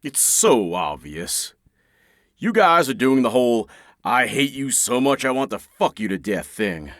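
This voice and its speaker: A man's voice: medium pitch, big pitch swings, unhurried, fairly bright tone, no room sound, studio quality, voice pushed up. A male audiobook narrator voicing a teasing young adult brother who goads and jokes. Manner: teasing, goading.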